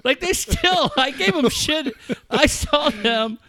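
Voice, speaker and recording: A podcast host with an extremely high, slow voice tells a story in casual, profane talk. He is animated, swears, and mimics other people along the way.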